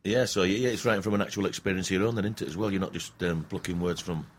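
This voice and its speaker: A man's voice: low-pitched, very fast, a little hiss or hum. A man hosting a radio show, interviewing a guest with teasing, jokey interjections. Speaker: radio host.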